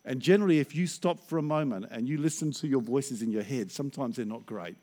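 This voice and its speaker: A middle-aged man preaching a sermon as a pastor, lively and acting out stammering inner voices. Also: mid-range voice, fast talker.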